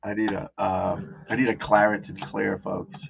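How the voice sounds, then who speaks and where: Low husky guy rambling to his stream chat, sounds like it's over a phone line. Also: level tone, normal speed, a crowd in the background. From New England. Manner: rambling, restarts, talks to chat viewers. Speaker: golf instructor streaming live. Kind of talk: casual live-stream chat. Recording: tinny phone-like audio.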